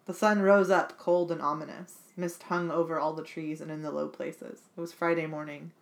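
A woman podcast co-host reading a short story aloud, expressive and a little giggly. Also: sits low, moderate pace, vocal fry.

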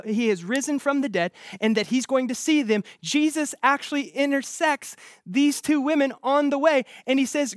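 A man preaching an earnest, emphatic sermon as pastor, with quick restarts. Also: very high-pitched, dry recording, studio quality.

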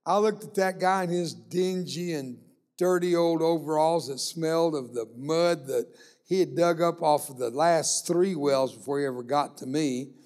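A man's voice: a little high, a little mellow. A man preaching a sermon, telling a humorous anecdote and acting out the dialogue. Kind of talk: sermon storytelling.

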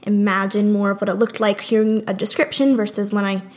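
A woman's voice: mid-range voice, level tone, fairly quick, a little mellow. A young woman talking casually in a conversation, chatty and laughing easily. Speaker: guest.

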